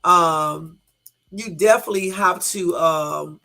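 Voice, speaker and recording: A woman's voice: on the low side, slow pace, bright, forceful tone. A woman hosting a casual live stream, reading out news and talking straight to her viewers with emphatic, exasperated asides. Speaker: YouTube live-stream host. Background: faint background music.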